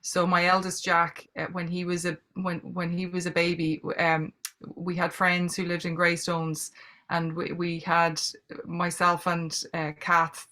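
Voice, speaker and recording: Irish lady, middle-aged, chatty and candid on a video call, bright tone. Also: lowish voice, completely flat delivery, measured pace. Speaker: guest answering audience questions. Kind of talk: casual Q&A conversation.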